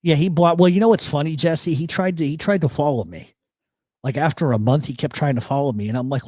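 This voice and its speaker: Recorded dry with clean studio sound, this slightly fast, higher-pitched man runs a live radio chat show. Animated and profane, he tells stories and reads out chat messages.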